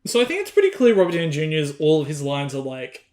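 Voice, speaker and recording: A man's voice: a little high, quick pace. A man co-hosting a casual film review podcast, joking and laughing often. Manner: laughs often, jokey, animated. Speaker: podcast co-host.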